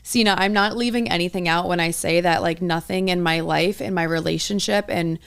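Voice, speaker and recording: Young woman podcast co-host, low and smooth with vocal fry, earnest rambling delivery. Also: steady tone, a little fast. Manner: earnest, rambling, heavy use of "like". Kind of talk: casual chat.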